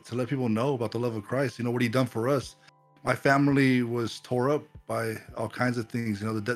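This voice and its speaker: A man who is a pastor, speaking earnestly in a casual faith conversation and often repeating words as he gathers his thoughts. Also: medium pitch.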